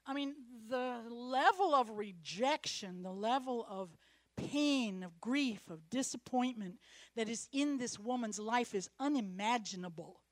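Woman preaching, kinda high voice, acts out the bible people, gets loud then goes to a whisper, dry sound. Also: unhurried, dry recording. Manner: animated, acts out Bible characters, drops to hushed whispers. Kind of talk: sermon.

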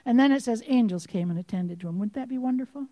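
A woman with a high voice preaches a fervent sermon, pressing questions on her listeners and building to forceful outbursts. The sound is close and dry, with no room around it. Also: quick pace, dry recording. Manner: impassioned, rising to forceful outbursts.

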